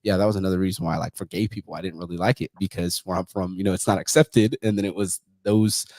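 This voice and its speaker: A man's voice: low voice, fairly even intonation, quick pace, darkish tone, dry recording. A man in his thirties from California, hosting a podcast and telling personal stories in a profane, casual way, acting out the voices of people he quotes. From California, USA.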